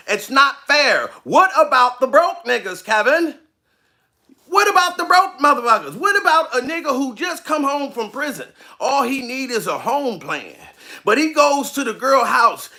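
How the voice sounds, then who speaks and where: A man with a high-pitched, bright, cutting voice delivers a comedic rant straight to camera. He talks in coarse street slang, circling back over the same points again and again. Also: vocal fry. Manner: profane, repetitive street-talk rant.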